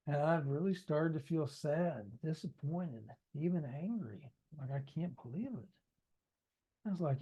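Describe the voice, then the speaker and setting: A man's voice: on the high side, animated, a little fast, mellow, breathy edge, lo-fi sound. A man reading his own book aloud in a conversational way, adding asides and speaking straight to listeners. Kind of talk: audiobook narration with ad-libbed asides.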